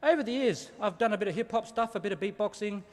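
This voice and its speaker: A middle-aged Australian man giving a lively ceremonial welcome speech, telling stories and asking the audience to repeat words. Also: high voice, fast. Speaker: Aboriginal elder giving a welcome to country. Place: large ceremony hall. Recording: long hall reverb.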